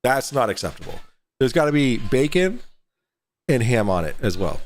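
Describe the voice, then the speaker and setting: A man's voice: medium pitch, sing-song, normal speed. Laughing, joking male streamer. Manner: laughs a lot, joking and swearing. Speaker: talk show host. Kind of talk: casual livestream chat.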